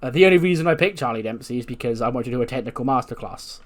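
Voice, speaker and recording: A man narrating his game run in a wry, self-deprecating way, in a voice of middling pitch. He talks casually and laughs at his own mistakes. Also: animated, very fast. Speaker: game streamer. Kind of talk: let's-play narration.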